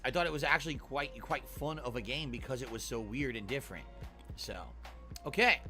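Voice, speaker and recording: A man's voice: mid-range voice, a little fast, sharp tone, soft background music. A man streaming as he reacts to his own old clips, chatty and self-mocking. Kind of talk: casual stream commentary.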